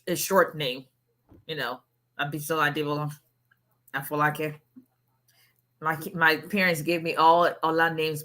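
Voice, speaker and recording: This middle-aged African woman is an immigration lawyer running a casual livestream, where she greets her audience and chats loosely. Her voice sits slightly low yet sounds bright and forceful, and she often laughs between points.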